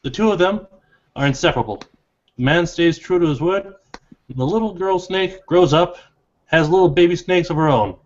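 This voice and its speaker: A man's voice: fairly high pitch, moderate pace. A man with a folksy, drawling manner telling a long joke during a tabletop game. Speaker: player. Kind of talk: storytelling a joke in character. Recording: dull lo-fi recording.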